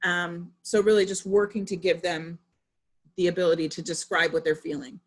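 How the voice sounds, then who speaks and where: Husky-voiced mother presenting a parenting talk. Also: lowish voice, little pitch movement, moderate pace. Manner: conversational, with frequent fillers and personal anecdotes.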